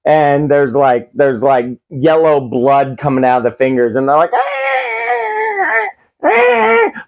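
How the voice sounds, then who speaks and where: A man giving a rambling, profane comedic recap of a film, full of restarts and acted-out quotes. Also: medium pitch. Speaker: movie reviewer.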